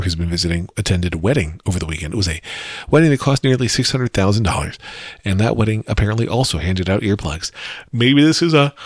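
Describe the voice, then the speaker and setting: Fast-talking low-voiced man, rambling host. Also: no room sound, clean studio sound. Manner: rambling, self-deprecating, chatty with fillers. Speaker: podcast host. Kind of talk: casual personal monologue.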